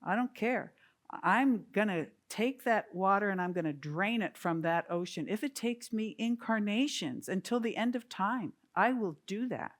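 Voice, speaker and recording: A woman's voice: mid-range voice, lively intonation, moderate pace, hardly any pauses, close to an everyday voice. A woman voicing a grieving mother squirrel in a told story, stubborn and defiant.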